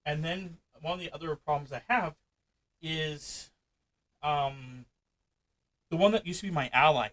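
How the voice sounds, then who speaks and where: Guy playing a strategy game w friends, talks fast n loud, kinda hyper, voice sits a bit high. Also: low-quality recording. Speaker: gaming channel host. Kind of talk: casual let's-play chat. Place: hot room at home.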